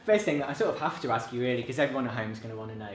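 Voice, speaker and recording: Fast upbeat young male interviewer, roomy echo. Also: mid-range voice, slight background noise. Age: young adult. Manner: quick, upbeat, laughs along. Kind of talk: casual interview.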